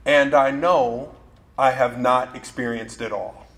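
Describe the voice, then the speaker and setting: Animated man giving a keynote. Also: mid-range voice, a little slow. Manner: animated storyteller, joking with the audience. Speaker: keynote speaker. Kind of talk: motivational keynote speech.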